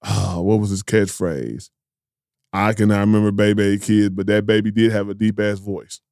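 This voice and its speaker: A man hosting a casual comedy podcast, telling animated, profane stories and breaking into laughter. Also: on the low side, normal speed, clean tone, no echo, studio quality. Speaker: podcast host.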